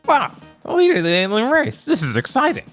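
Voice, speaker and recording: A man voicing an eager young boy fox sidekick, excitable, for a game playthrough. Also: brisk, faint music behind, exaggerated voice. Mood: excited. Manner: excitable, high and chirpy.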